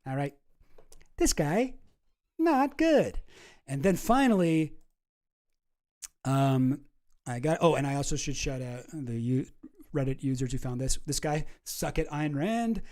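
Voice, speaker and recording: A man's voice: on the high side, lively intonation, unhurried, pauses often, a little mellow. A man hosting casual online commentary, wry and sarcastic as he reads through documents.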